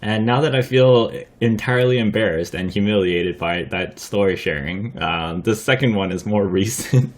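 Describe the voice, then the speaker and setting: A man's voice: on the low side, normal speed, hardly any pauses. A young man hosting a casual vlog, telling a story with frequent laughter, swearing and lots of fillers. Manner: laughs often while talking, swears freely; rambling, filler-heavy delivery. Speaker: vlogger.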